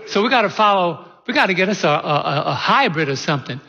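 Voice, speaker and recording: A man's voice: high voice, expressive, fairly quick, pushed and bright, in a large hall, lo-fi sound. A man preaching a sermon in a church, in a folksy, conversational way full of rhetorical questions. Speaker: pastor.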